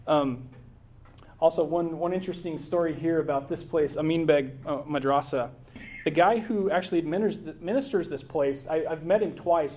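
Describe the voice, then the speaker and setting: A man's voice: fairly high pitch, a little mellow. Rambling American man narrating travel slides. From United States. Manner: rambling, with many fillers and restarts. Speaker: presenter giving a slide talk. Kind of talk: casual travel slideshow talk.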